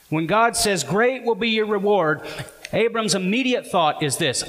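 A man's voice: high voice, animated, moderate pace, fairly bright tone, long reverb tail, low-quality recording. A man preaching a sermon as a pastor, earnest and putting questions to the congregation.

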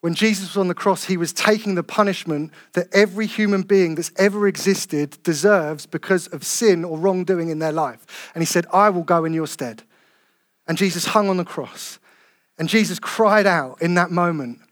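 A man preaching a sermon in church, passionate, rising to loud calls and falling to soft, tender lines. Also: high voice, normal speed, no echo, studio quality.

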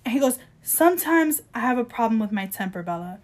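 Heated, high-voiced woman ranting. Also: sing-song. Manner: heated, emphatic, rapid ranting with apologies for shouting; reads quotes aloud in mock voices. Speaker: podcast co-host. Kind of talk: casual chat.

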